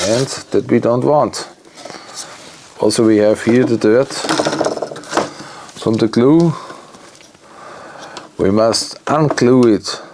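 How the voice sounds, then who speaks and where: A man talking himself through an electronics repair at his workbench, in halting English and muttering as he works. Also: medium pitch, a little mellow, a little hiss or hum.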